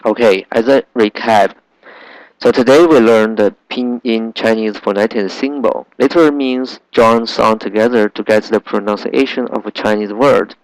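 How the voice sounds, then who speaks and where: A man's voice: on the low side, steady tone, normal speed, no room sound, poor audio. A man teaching a beginner Chinese lesson, patiently drilling sounds and tones with frequent fillers. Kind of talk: language lesson.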